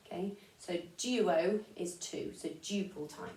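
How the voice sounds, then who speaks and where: Explaining beats and counting aloud, a woman with an English accent teaches strings in an online class, a violin sounding behind her. The recording is echoey and distant, her medium-pitched voice unhurried and off-mic.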